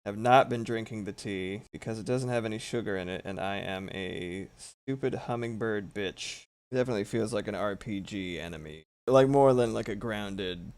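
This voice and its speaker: A man chatting casually on a live stream while he draws, rambling, swearing freely and mocking himself, yawning now and then. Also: lowish voice. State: sleepy, yawning. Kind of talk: casual chat while drawing.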